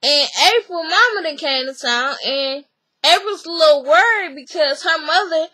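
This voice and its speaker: Bright, gossipy woman hosting a casual recap, dry close sound. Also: high-pitched, expressive, moderate pace, no echo. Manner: chatty, gossipy, acts out quotes. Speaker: recap vlogger. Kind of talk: casual reality-show recap.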